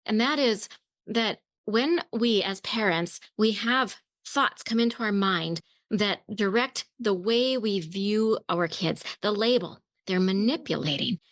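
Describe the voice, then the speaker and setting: A woman's voice: medium pitch, no echo. A woman hosting a parenting podcast interview, affirming her guest and summing up her points for listening parents. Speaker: podcast host.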